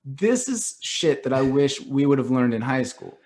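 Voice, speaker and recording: A middle-aged man chatting as a guest on a podcast, his voice at an ordinary middle pitch. He talks animatedly and loosely, filling his sentences with "like" and dropping into quick acted-out quotes. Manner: animated, acts out quoted reactions, heavy use of "like". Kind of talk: casual podcast conversation.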